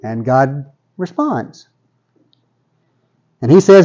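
A man's voice: mid-range voice, lively intonation, measured pace, pauses often, darkish tone, lo-fi sound. Earnest male pastor preaching. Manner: conversational preaching, repeats words as he builds a point. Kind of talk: sermon.

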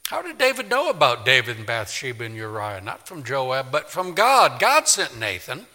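Forceful, dramatic male preacher in a church. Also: mid-range voice, wildly swooping pitch, normal speed. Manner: dramatic, swinging from loud to hushed. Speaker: pastor. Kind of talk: storytelling sermon. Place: church sanctuary. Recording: long church reverb.

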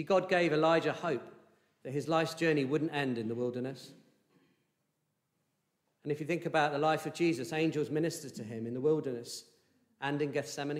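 A man preaching a sermon in an earnest, measured way, with fillers and restarts. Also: on the high side, reverberant.

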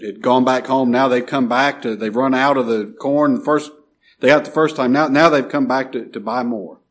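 Male preacher, sermon delivery with scripture reading, big swings from calling out to hushed. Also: mid-range voice. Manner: reads scripture aloud, swings from loud calls to quiet drops.

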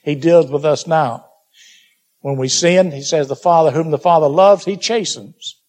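High-voiced preacher man exhorting. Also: steady tone, normal speed, darkish tone. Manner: exhorting, addresses listeners as beloved; reads scripture aloud in King James wording. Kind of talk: sermon.

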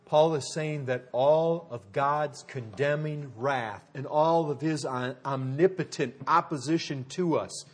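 A man preaching a sermon in a conversational way, asking his listeners rhetorical questions and calling them folks, often dropping low and quiet to stress a point. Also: measured pace, hardly any pauses. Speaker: pastor.

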